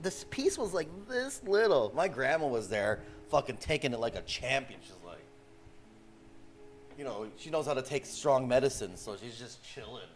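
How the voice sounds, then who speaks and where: A man in his forties telling stories in loose, profane casual chat, often tossing in "bro". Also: medium pitch. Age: 40s. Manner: loose, profane, animated, says "bro" a lot. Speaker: streamer.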